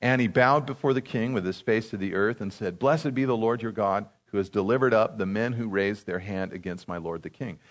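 A man with a somewhat low voice leads a verse-by-verse Bible teaching. He reads scripture aloud, then explains it in an easygoing, conversational way with casual asides. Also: a little fast, few pauses. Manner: relaxed, informal asides with fillers.

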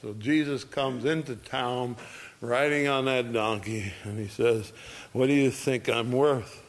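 A man's voice: medium pitch, fairly even intonation. A man preaching a sermon, reading scripture and acting out the people in the story with emphasis. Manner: slow, emphatic, acts out quoted voices.

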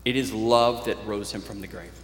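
A man's voice: on the low side, fairly even intonation. Earnest male pastor preaching in a hall. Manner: earnest, with slow emphatic phrases. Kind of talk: sermon. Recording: echoey church hall.

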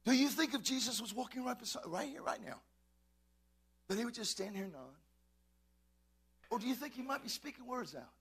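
A male pastor preaching fervently in a church, swinging from shouts to quiet asides and calling out to his congregation. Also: very high voice, expressive, fairly quick, long pauses, husky. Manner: addresses congregation, calls and repeats. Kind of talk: preaching a sermon.

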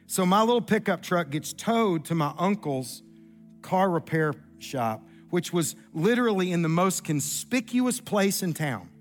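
A pastor tells a personal story in an earnest, homespun way, his voice sitting high for a man. Soft music plays faintly underneath his sermon.

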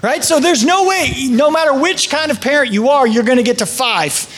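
A man preaching a sermon in a conversational, joking way with lively asides. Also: very high voice, normal speed. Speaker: pastor.

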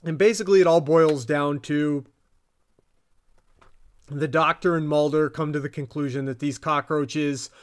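A podcast co-host talks slowly as he recaps an episode in casual chat, retelling it with animation, acting out quotes in high voices and laughing often.

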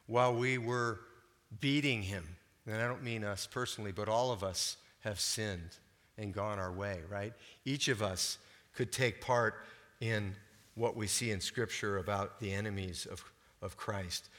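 A man's voice: mid-range voice, bright, forceful tone. Older male pastor preaching in a reverberant hall. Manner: conversational, asks the congregation questions. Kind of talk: sermon.

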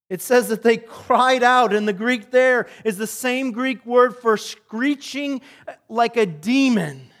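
A man preaching a sermon, telling a story with animation and swinging between loud and soft passages. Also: very high voice. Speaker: pastor.

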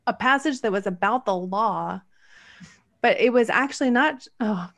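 A woman co-hosting a casual Bible discussion podcast reads passages aloud, quoting scripture at length and running on eagerly and excitedly in an animated way. Her voice is on the high side, at a moderate pace.

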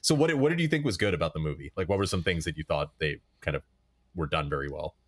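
A man's voice: deep voice, expressive, fast talker, slightly rough. A man co-hosting a casual film podcast, asking questions and hesitating as he looks for words. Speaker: podcast co-host.

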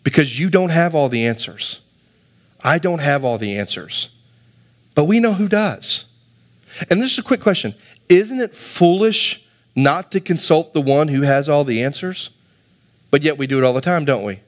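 A male pastor delivering a sermon in a fairly high voice. He preaches with animated energy, climbing to emphatic peaks and putting rhetorical questions to his listeners. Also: normal speed, long pauses. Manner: addresses the congregation directly with rhetorical questions.

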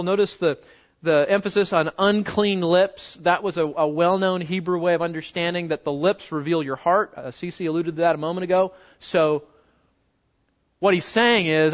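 Male pastor, high-pitched, emphatic sermon delivery with dynamic drops, muffled lo-fi church recording. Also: a bit bright. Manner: emphatic, rising and dropping to near murmurs, rhetorical questions. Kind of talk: expository sermon.

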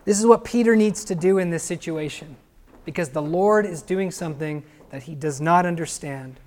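A man's voice: fairly high pitch, moderate pace, darkish tone. A male pastor giving an explanatory sermon who keeps asking his listeners rhetorical questions.

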